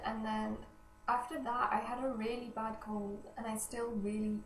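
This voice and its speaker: A woman's voice: fairly high pitch, flat delivery, normal speed. A young woman with a cold, chatting in a rambling, self-deprecating way as a vlogger in a hallway. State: nasal from a cold. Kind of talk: casual vlog chat. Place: indoor hallway outside a bedroom. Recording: echoey hallway, distant camera, faint hiss.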